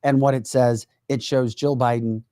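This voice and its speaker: Guy on a podcast, sarcastic and animated, warm mellow tone, dry mic. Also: medium pitch, moderate pace, no room sound. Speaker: podcast co-host. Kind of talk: casual political chat.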